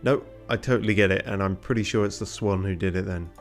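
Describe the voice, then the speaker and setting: A man with a fairly low voice reads game dialogue aloud in hammy, mock-pompous voices. He drops out of them to swear and joke with his viewers. Faint music runs underneath. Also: quick pace. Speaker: streamer playing a game.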